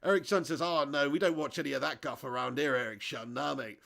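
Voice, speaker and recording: A man's voice: mid-range voice, fast, creaky, few pauses, sharp tone. A man hosting a live football watch-along stream, chatting casually, reading out viewer comments and laughing often.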